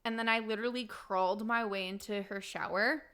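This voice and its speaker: A woman's voice: medium pitch, steady tone, fairly quick, bright, forceful tone, clean tone. A young woman from Wisconsin, co-hosting a podcast and telling candid stories with frequent laughs. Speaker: podcast co-host. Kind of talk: casual chat.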